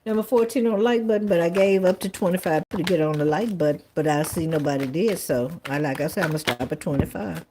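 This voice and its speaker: A woman's voice: fairly low pitch, fast, few pauses, background noise. Blunt, casual woman reading tarot. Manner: casual, blunt, swears freely; repeats "all right" and "okay" often. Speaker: tarot reader. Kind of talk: live-stream tarot reading.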